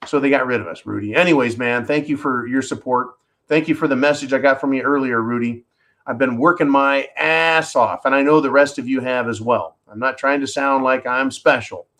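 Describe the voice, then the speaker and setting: A man's voice: mid-range voice, fairly bright tone. Blunt, profane ranting man. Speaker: livestream host. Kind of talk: ranting political commentary.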